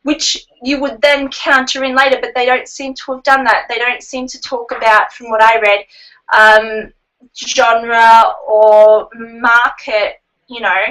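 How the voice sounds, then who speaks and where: A high-pitched woman chats her way through book news as a podcast co-host, rambling a little and quoting numbers. Her voice sits slightly back from the microphone. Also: flat delivery, unhurried, a bit bright, distant mic, poor audio. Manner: chatty, rambling, cites figures. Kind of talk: casual podcast chat about book news.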